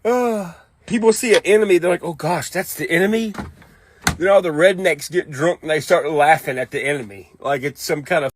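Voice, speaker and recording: A man ranting casually and profanely, rambling and animated. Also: on the high side, brisk, slight background noise, poor audio. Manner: profane, rambling, animated, quotes people in mock voices. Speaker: online commentator. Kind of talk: casual rant to camera.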